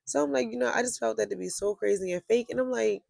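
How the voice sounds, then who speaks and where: A woman's voice: a little high, fast talker, creaky, darkish tone, no room sound. A young woman telling a storytime vlog in a casual, blunt and profane way, with heated outbursts. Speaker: vlogger.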